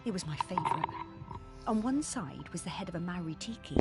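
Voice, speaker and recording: A woman voicing a game character who gently recounts memories of her life. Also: fairly low pitch, animated, fairly quick. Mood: wistful. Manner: reflective storytelling. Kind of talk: video game voice acting, narrated memory. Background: loud game music.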